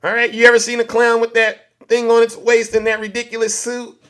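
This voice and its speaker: A man's voice: extremely high pitch, monotone, fairly quick, fairly bright tone. A male livestream talk show host giving a combative political monologue in a preachy tone, repeatedly asking "all right?".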